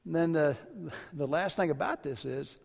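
A male pastor delivering a sermon, telling stories and dropping to quiet phrase endings. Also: a little high, normal speed, creaky. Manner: storytelling preacher, varies volume widely, drops to quiet endings. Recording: long hall reverb.

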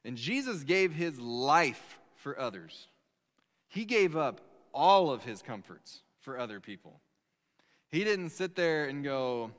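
A man delivers a sermon in a relaxed storytelling way, circling back and restarting his sentences. His voice sits high and sounds bright and forward. Long reverb from the sanctuary trails every phrase. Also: a little slow. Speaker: pastor.

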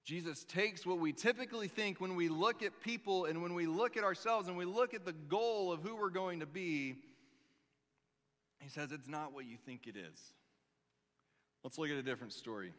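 A man in his thirties preaching a sermon, telling stories with lively, dramatic pauses. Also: high-pitched. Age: 30s. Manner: animated storytelling, reads scripture aloud with dramatic pauses. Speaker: pastor. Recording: long reverb of a large hall.

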